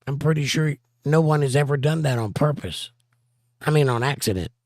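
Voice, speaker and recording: A hoarse man hosting a casual livestream, reading chat comments aloud and joking around. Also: fairly high pitch, normal speed, darkish tone, dry recording, clean studio sound. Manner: joking, playful banter.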